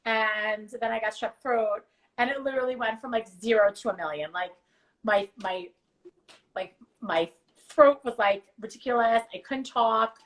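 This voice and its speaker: A woman hosting a casual livestream chat, talking fast and animated, swearing casually, her voice just back after strep throat. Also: fairly high pitch, poor audio. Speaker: host.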